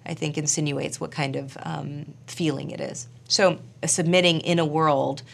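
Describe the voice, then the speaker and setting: A woman actor and director tells a story in a relaxed interview, her voice sitting a little low with a gravelly, fry-tinged edge. She talks in an animated, chatty way, full of fillers and asides. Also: moderate pace.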